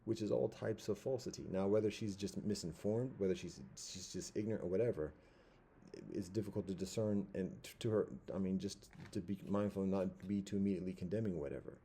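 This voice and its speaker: Low, dark-voiced man rambling. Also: steady tone, a little hiss or hum. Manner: rambling, halting, many fillers and restarts. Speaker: commentator. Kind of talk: casual commentary monologue.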